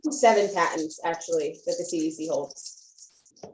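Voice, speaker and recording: A woman's voice: deep voice, unhurried, a little mellow, reverberant, a little hiss or hum, rough recording. A woman co-hosting a satirical talk show, teasing and sarcastic, who fills her lines with "like.". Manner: sarcastic, teasing, uses "like" a lot. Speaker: co-host.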